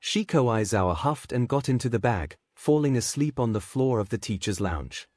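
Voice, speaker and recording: Male narrator for a fan-fiction reading; animated intonation, dry booth sound. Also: mid-range voice, normal speed, dry recording. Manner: reads every part in one voice.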